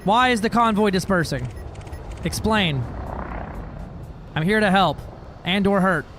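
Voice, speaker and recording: Guy streaming a space game, high voice, swears and jokes a lot, faint music behind. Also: animated, unhurried, a bit bright. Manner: profane, joking, chatting with viewers. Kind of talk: casual gaming livestream chat.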